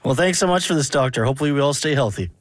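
A man's voice: mid-range voice, animated, racing, no echo, studio quality. A man hosting a radio interview, asking short conversational questions. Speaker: radio host.

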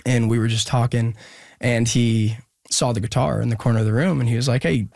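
A young man from Oregon telling a personal story as an interview guest, earnest and hesitant, with many pauses and restarts. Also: medium pitch, flat delivery, gravelly, a little mellow, dry recording, clean studio sound.

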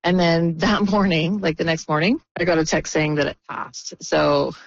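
A woman speaking in a radio interview, near tears, halting and emotional with nervous laughs. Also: low-pitched, steady tone, vocal fry, no echo, lo-fi sound. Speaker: interviewee, friend of a victim.

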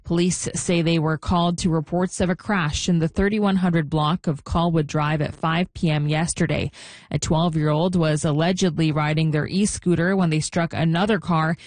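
Newsreader, woman, low-ish, steady, dry close mic. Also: dry recording. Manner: steady, measured news delivery. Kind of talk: radio news headlines.

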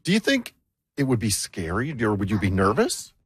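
A man's voice: on the low side, wildly swooping pitch, normal speed, slightly rough, no room sound. A man in a playful, teasing chat, asking children questions and encouraging their answers. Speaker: interviewer of children.

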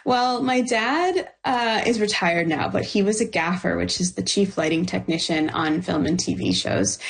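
A young woman from Los Angeles, a screenwriter, chatting in an interview, animated and quick to laugh. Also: on the low side, vocal fry. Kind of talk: casual interview conversation.

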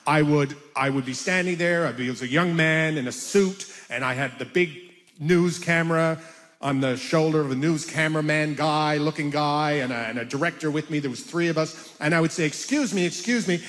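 High-voiced older man telling stories. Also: a little fast, long reverb tail. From Canada. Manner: animated, acts out voices in anecdotes. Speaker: comedian guest. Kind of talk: storytelling interview chat.

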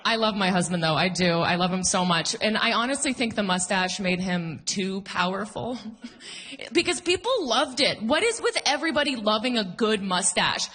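A woman in her thirties performing a stand-up comedy set, telling sarcastic stories with quick voice switches, on a handheld mic at a live venue. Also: mid-range voice, animated, a bit bright. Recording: long hall reverb from stage.

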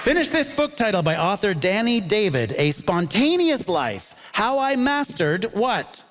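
Male comedy host, high-pitched, playful, live crowd noise. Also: very animated, a bit bright. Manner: playful, quick, laughing often. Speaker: game show host. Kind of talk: live comedy debate hosting. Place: theatre with live audience. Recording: noisy live audience.

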